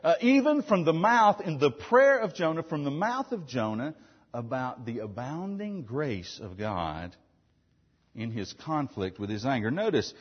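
A man's voice: a little high, unhurried, husky, big-room sound, dull audio. A man preaching a sermon as a pastor, asking the congregation frequent questions. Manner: asks the congregation frequent questions, with animated emphasis.

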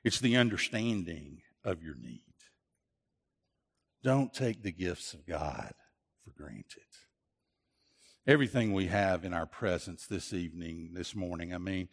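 A man's voice: sits low, lively intonation, a little slow, pauses often, slightly rough, big-room sound. A man pastor preaching a sermon, earnest and repetitive, often restarting his phrases. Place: church.

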